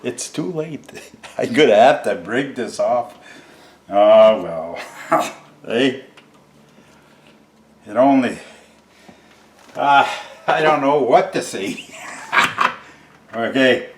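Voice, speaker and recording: A man's voice: medium pitch, very slow, pauses often. A middle-aged man chuckling as he chats to viewers while showing a home repair. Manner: chuckling often, chatty, addresses viewers as folks. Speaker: DIY vlogger. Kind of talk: casual home-project demo.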